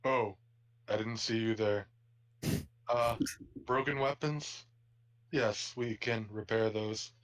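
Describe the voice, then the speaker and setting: A man's voice: on the low side, fairly even intonation, takes it slowly, pauses often, a bit bright. A man doing a polite warforged robot smith. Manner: polite shopkeeper courtesy.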